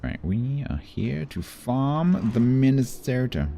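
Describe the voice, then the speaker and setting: A man's voice: medium pitch, very animated, takes it slowly, vocal fry, mellow, a little hiss or hum. A man streaming a naval game, chatting casually and thanking viewers as he plays. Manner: chatty, thanks viewers between play remarks. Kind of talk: casual live-stream chat.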